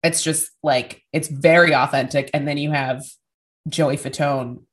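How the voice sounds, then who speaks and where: Low-voiced chatty woman podcaster. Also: unhurried. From Greek-American family. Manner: chatty, sarcastic, animated asides. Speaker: podcast co-host. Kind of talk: casual chat.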